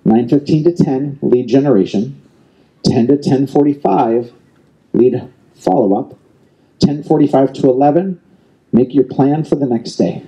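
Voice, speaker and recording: Emphatic motivational speaker, dark-toned man. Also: mid-range voice, a little slow, long pauses, muffled recording. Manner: emphatic, repetitive, coaching the audience directly. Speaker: real estate team leader speaking at an industry event. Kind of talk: motivational keynote. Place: event stage before a live audience.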